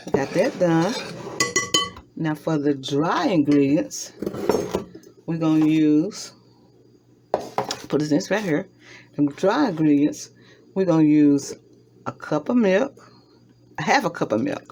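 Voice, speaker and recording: A woman with a deep, animated voice takes things slowly, with long pauses, against a noisy background of clattering dishes and utensils. She's a home cooking vlogger giving a casual recipe demonstration in her kitchen, chatting straight to viewers and repeating each step.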